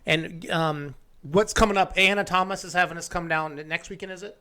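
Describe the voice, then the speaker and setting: A middle-aged man hosting a casual live stream, excitable and goofy, often restarting his sentences. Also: sits high, fairly quick. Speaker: show host.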